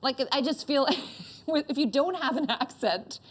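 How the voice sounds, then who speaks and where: Woman, comedy host, bouncy swinging pitch, jokey and quick to laugh. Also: expressive. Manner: joking, laughs often, jumps into playful put-on voices. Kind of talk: casual comedy chat.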